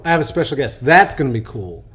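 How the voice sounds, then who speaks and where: This podcast host, a man in his late forties, speaks quickly at a medium pitch with big swings, his tone fairly bright and husky. The talk is casual and unscripted, full of jokes, rambling, ums and restarts.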